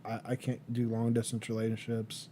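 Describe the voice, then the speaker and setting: A man's voice: medium pitch, monotone, normal speed, mellow, slight background noise. A young man co-hosting a podcast, chatting casually and telling stories with many fillers and restarts. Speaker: podcast co-host. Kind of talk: casual chat.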